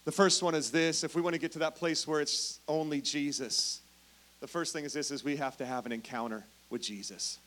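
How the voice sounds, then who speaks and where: A man preaching a sermon, telling Bible stories with animated emphasis and dropping to a hush, speaking directly to the congregation. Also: a little high, brisk. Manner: animated storytelling, swings from loud emphasis to hushed. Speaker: pastor.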